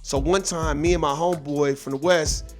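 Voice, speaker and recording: Male vlogger, slightly higher voice, casual profane storytelling over soft background music. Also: steady tone, moderate pace. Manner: loose, profane, rambling with asides.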